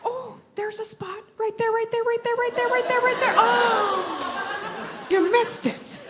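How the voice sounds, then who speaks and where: A woman putting on her fussy, frantic mother who nags from the passenger seat with drawn-out cries. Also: extremely high pitch, steady tone, echoey room, a loud crowd, pitched above the performer's own voice. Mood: fussing. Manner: frantic, nagging, drawn-out exclamations. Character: fussy backseat-driving mother, middle-aged woman. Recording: loud audience noise in a venue.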